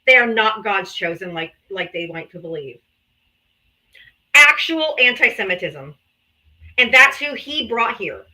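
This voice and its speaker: A woman's voice: mid-range voice, lively intonation, measured pace, pauses often, bright, forceful tone, rough recording. A woman hosting a political livestream, combative and taunting, calling out viewers to come up and talk. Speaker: livestream host.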